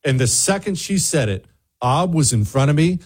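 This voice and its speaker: A man hosting a show, telling a lively anecdote in casual chat and acting out the people in it. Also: a little high, moderate pace, breathy edge. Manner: animated anecdote telling, voices other people in quotes. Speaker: radio show host.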